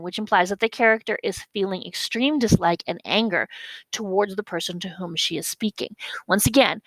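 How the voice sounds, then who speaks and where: Woman teacher, some vocal fry, dry close sound, patient step-by-step explainer. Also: medium pitch, fairly bright tone, no room sound, poor audio. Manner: explains step by step, repeats points, checks with "okay?". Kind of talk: classroom lesson walkthrough.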